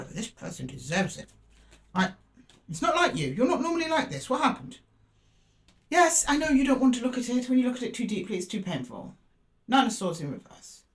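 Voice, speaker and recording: A tarot reader giving a casual reading to camera, dramatic and chatty with indignant asides. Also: mid-range voice.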